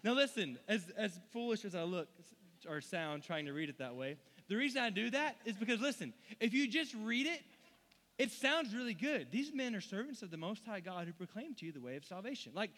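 Male preacher, bright high voice, chatty and funny, long hall reverb. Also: fairly quick. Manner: animated, joking, conversational, acts out quotes. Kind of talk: casual, humorous sermon.

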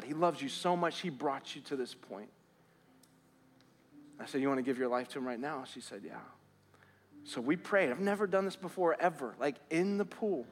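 A man's voice: medium pitch, slight background noise. A man preaching a sermon as pastor, telling a story and repeating phrases as he urges his listeners on. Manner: storytelling, repeats phrases, rises to earnest urging. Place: church sanctuary.

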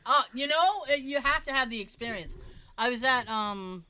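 A woman's voice: fairly high pitch, expressive, moderate pace, bright, forceful tone, clear, resonant tone. A young woman co-hosting a casual chat, telling stories animatedly and swearing freely.

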